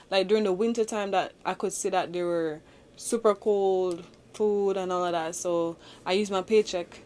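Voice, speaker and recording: A young woman vlogger telling a personal faith story in an earnest, confiding way, with many fillers. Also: mid-range voice.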